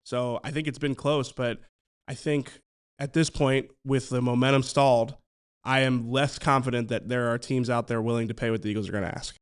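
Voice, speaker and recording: A man's voice: medium pitch, fairly even intonation, normal speed, clean tone. Playful, laughing male podcast co-host. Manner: playful and teasing, laughs often. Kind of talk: casual sports chat.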